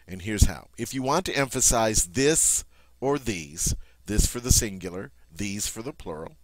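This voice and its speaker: A man's voice: on the low side, dry recording. A man teaching a French grammar lesson, emphatic and repeating "all right" often.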